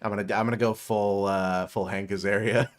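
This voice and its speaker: A man's voice: fairly low pitch, steady tone, brisk. A man co-hosting a casual podcast, sarcastic and crude, swearing and laughing often as he reacts to a video. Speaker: podcast co-host.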